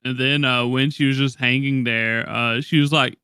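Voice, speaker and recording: Smooth-voiced man on a podcast. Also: mid-range voice, no echo, studio quality. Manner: relaxed, chuckling, many "uh" pauses. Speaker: podcast co-host. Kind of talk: casual podcast chat.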